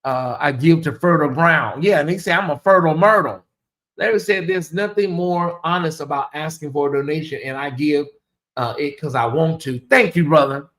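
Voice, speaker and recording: A man hosting a casual livestream, reading viewer comments aloud and stretching out questions slowly for effect. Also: on the high side, fairly bright tone. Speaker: livestream host.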